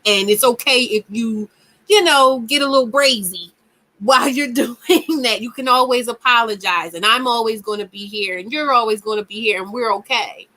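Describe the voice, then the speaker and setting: A woman's voice: on the high side, moderate pace, sharp tone. A woman in a casual chat who speaks in long, encouraging and affirming reflective turns.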